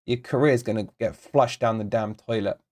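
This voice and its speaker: A young man runs a fan channel, handing out sarcastic, exasperated player ratings and reading viewer comments aloud while he recovers from covid. His voice is medium-pitched and a little mellow, at a normal speed.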